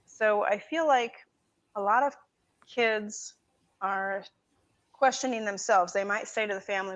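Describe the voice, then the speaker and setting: A woman's voice: medium pitch, normal speed. Rambling woman guest on a dull line. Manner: rambling, many fillers and restarts, animated when making a point. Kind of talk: casual conversation. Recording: dull lo-fi audio.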